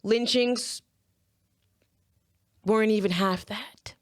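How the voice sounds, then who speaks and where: A woman's voice: medium pitch, steady tone, takes it slowly. A woman giving impassioned commentary straight to her viewers, earnest and close to tears, repeating herself as she speaks. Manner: earnest, emotional, addresses viewers directly, repeats phrases. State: holding back tears.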